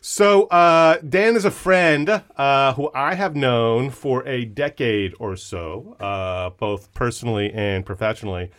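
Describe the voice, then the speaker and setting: A man's voice: medium pitch, measured pace, hardly any pauses, fairly bright tone. A man co-hosting a podcast, chatting in a jokey, enthusiastic way. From United States. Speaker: podcast co-host. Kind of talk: casual chat.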